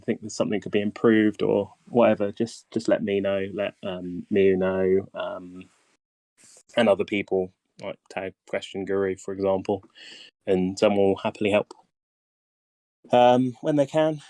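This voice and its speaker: A man's voice: on the low side, a little mellow, no room sound. A man hosting a casual voice-chat guide session, talking hesitantly with many ums, his voice tiring. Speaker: game guide host.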